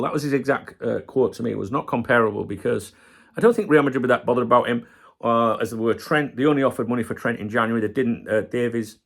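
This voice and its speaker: A middle-aged man hosting a football channel, ranting passionately and swearing heavily in a casual video. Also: medium pitch.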